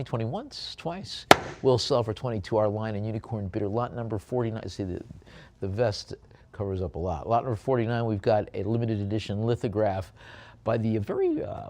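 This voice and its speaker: A man's voice: on the low side, dark tone. A man working as an auctioneer, calling bids and describing artwork lots, with chatty, jokey asides between calls. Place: auction room.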